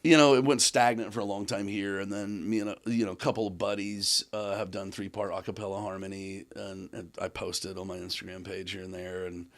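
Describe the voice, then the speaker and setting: A man's voice: deep voice, little pitch movement, a little fast, few pauses. A man in casual podcast conversation, rambling a little, with many fillers and restarts.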